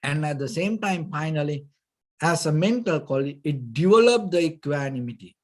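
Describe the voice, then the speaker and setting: A man, a Buddhist monk, giving a dhamma talk, halting and searching for words, often saying "you know", with gentle, patient explanation. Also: on the high side, lively intonation. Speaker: Buddhist monk teaching meditation.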